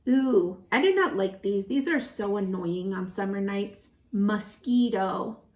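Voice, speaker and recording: A woman teaching a syllable game to preschool children, animated and encouraging, drawing out words slowly. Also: mid-range voice. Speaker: pre-K teacher. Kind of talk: children's lesson. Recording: echoey room.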